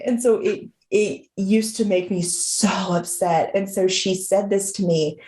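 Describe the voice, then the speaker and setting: Animated young woman telling a story. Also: mid-range voice, measured pace, roomy sound. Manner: animated, rambling, acts out quotes in a raised voice. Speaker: podcast co-host. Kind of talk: casual storytelling chat.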